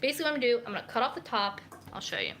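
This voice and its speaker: A woman's voice: on the high side, wildly swooping pitch, rapid-fire, background noise. A young woman, a dietitian, chatting casually and rambling with many fillers while cooking in her home kitchen on a live stream. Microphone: camera mic.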